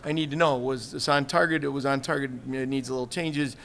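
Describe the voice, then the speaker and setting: His tone is steady, his pitch medium and his delivery fast, with a slightly bright quality. The man, a retired fire chief, gives a live interview on a trade show livestream set, telling earnest, reflective personal stories with candor and regularly quoting other people.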